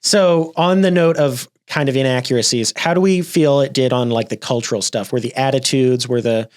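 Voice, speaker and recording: A man hosts a casual podcast panel, posing questions to the others in a relaxed conversational way. His voice sits at a middling pitch. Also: normal speed. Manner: conversational, steers the talk. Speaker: podcast host.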